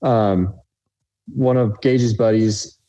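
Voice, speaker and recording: A man's voice: fairly low pitch, steady tone, slow pace, dark tone. A young man, a racecar driver guest, telling a race story in an easygoing way on a casual podcast.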